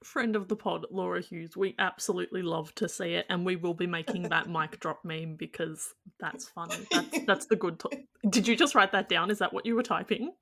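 A woman's voice: lowish voice, fairly quick, creaky, a bit bright. A woman hosting a casual sports podcast, bubbly and jokey, laughing at her own slips. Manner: bubbly, jokey, self-deprecating. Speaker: podcast host.

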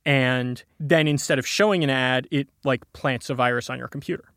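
A man's voice: medium pitch, normal speed, a bit bright, no echo, clean studio sound. A man casually explaining a technical topic on a podcast, restarting sentences and padding with fillers. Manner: explains with many restarts and fillers, chuckles often. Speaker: tech podcast guest explaining encryption.

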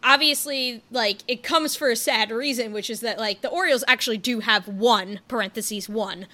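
A woman's voice: on the high side, moderate pace, bright, forceful tone. A young woman co-hosting a casual podcast chat, talking loosely with many fillers and easy laughs. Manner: chatty, lots of fillers, laughs often. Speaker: podcast co-host.

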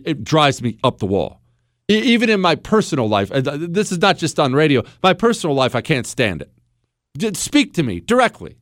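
A male radio host delivers a blunt, sarcastic monologue with his pitch swinging widely and a fairly high voice for a man. The sound is close and dry, straight into a studio microphone with no room around it. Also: no room sound.

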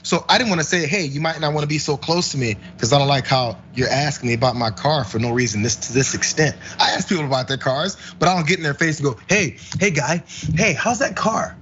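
A podcast co-host with a medium-pitched voice talks fast with hardly any pauses, telling a story in casual chat. He's animated, acting out the lines of the people in it and laughing as he goes. The audio is dull with slight background noise.

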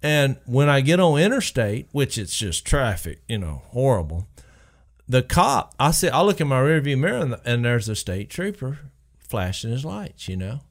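A man with a drawl rambles through a story in relaxed conversation. His pitch swings widely as he acts out the people he describes. His voice sits in an ordinary middle register. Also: normal speed. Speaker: podcast co-host telling a story. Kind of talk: casual storytelling chat.

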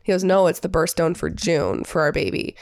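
Young woman co-host, bubbly storyteller; lowish voice, close and dry. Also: big pitch swings, brisk, gravelly, no room sound. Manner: bubbly storyteller, many "like" fillers. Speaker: podcast co-host. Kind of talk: casual chat.

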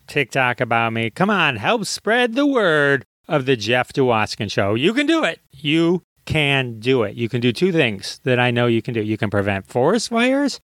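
A man's voice: mid-range voice, fairly bright tone, no echo, studio quality. A man hosting a podcast, delivering a playful comic monologue with mock-hype. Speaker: podcast host.

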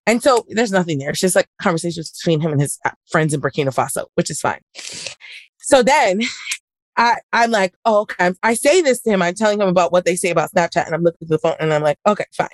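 Her voice is lowish and expressive, and she talks fast as a podcast host in casual conversation. While recounting a story, she voices both sides of an argument herself. There's no echo.

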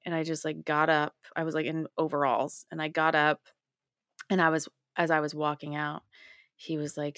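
A middle-aged woman speaks as an interview guest, her voice sitting low. She tells stories with energy and slips into the voices of the people she quotes. The sound is dry and close. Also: normal speed, no room sound. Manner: animated storytelling, acts out quotes. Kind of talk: casual interview chat.

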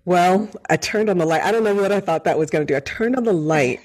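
A middle-aged woman chatting casually as a co-host, telling a story with lively laughter. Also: lowish voice, fast talker. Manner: animated storyteller, laughs often.

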